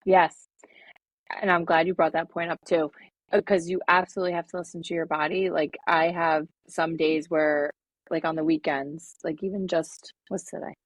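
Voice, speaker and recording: A woman co-hosting a podcast, talking in a relaxed, rambling way with lots of fillers. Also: deep voice, moderate pace, dry recording, low-quality recording. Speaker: podcast co-host. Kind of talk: casual podcast chat.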